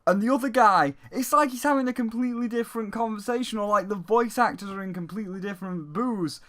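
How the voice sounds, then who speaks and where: A man's voice: high voice, fast talker, a bit bright. A man ranting sarcastically and profanely in a game review.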